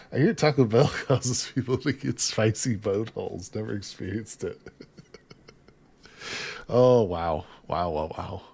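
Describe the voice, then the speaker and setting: A man's voice: on the low side, gravelly, a little mellow, slightly rough. A man livestreaming a game, chatting casually with viewers, reading their comments aloud, joking and laughing often. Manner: jokey, laughs often, reads chat aloud. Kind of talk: casual livestream chat while gaming.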